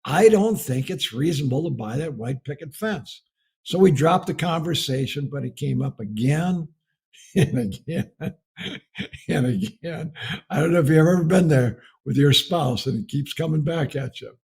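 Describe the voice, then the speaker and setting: A man's voice: fairly high pitch, animated, moderate pace, a little mellow, husky. A man preaching a marriage message as a folksy story and chuckling often as he tells it. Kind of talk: storytelling sermon.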